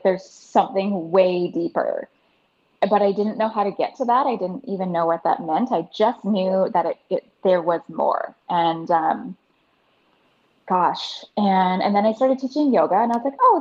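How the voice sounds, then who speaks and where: Earnest woman guest telling a story, lo-fi. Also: lowish voice. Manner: earnest and animated, peppered with "like". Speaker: podcast guest, breathwork facilitator. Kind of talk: casual interview storytelling. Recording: dull lo-fi sound.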